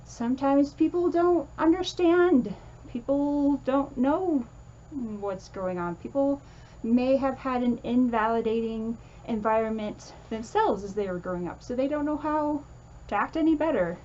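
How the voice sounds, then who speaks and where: A woman's voice: sits high, measured pace, dark tone, highs cut off, slight background noise. A woman teaching a casual lesson, chatty and full of fillers, acting out comforting quotes as she explains.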